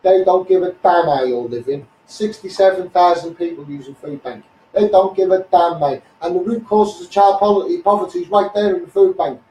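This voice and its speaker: Hoarse scouse man, high voice, combative live-stream rant, echoey room, mic set back. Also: warm tone. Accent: Liverpool. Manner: rapid, combative ranting, repeating phrases, calling viewers mate. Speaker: activist livestreamer. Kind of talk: ranting Facebook live stream. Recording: echoey, mic held at a distance.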